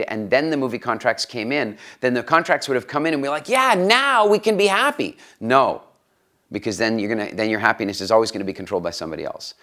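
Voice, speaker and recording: A man's voice: medium pitch, fairly bright tone. A middle-aged man, a guest telling stories in an interview and often repeating words while he searches for the next thought. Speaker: guest, studio owner. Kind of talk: conversational interview storytelling.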